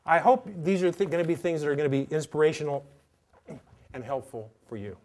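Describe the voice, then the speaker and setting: A man with a fairly high voice leads a Christian teaching session at a training institute. He talks casually to his class and reads from his journal in unhurried, pausing bits. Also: lively intonation, a little mellow, slight background noise. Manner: conversational, reads journal entries aloud with pauses.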